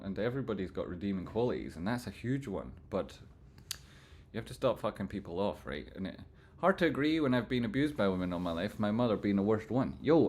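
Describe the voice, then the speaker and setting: A Scottish man hosting a casual livestream, reading chat aloud, swearing freely and swinging between loud jokey outbursts and soft sincere asides. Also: fairly low pitch. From Scotland.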